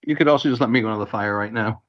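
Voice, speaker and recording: A man playing a cleric in a tabletop game, speaking calmly and in measured lines. His recording is dull and dry. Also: on the low side, no room sound. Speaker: player.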